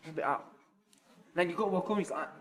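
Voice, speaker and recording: High-voiced man telling stories. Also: very fast. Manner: animated, swearing, lots of "mate". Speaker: former footballer, podcast guest. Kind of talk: casual storytelling chat.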